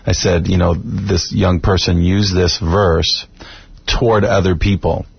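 A middle-aged man, a guest Bible teacher on a radio talk show, speaking in an earnest, measured way and quoting scripture. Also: deep voice, steady tone, vocal fry, breathy edge, no echo, highs cut off.

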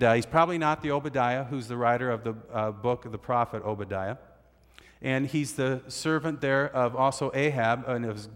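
A man preaches with an emphatic teaching manner, stressing key points and repeating them so listeners can note them. His mid-pitched voice rings out through the long reverb of a large hall. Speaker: pastor. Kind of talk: sermon.

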